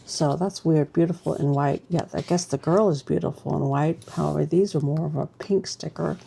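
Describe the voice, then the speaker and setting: A woman's voice: low voice, brisk, gravelly, mellow, breathy edge. A woman vlogger chatting casually through a stationery unboxing, gushing and exclaiming as she goes.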